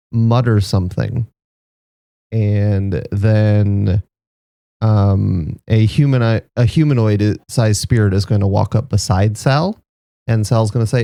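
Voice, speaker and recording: A man's voice: on the low side, vocal fry, mellow, no room sound, clean studio sound. A man describing his character's actions in a casual, explanatory way during a tabletop game. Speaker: player.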